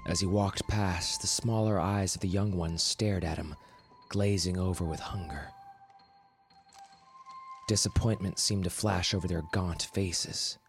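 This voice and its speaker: A man narrating a horror story in a measured, dramatic way, sometimes dropping to a whisper. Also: deep voice. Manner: measured, dramatic, drops to a whisper for tense moments. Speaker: podcast host and story narrator. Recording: narration over clear music.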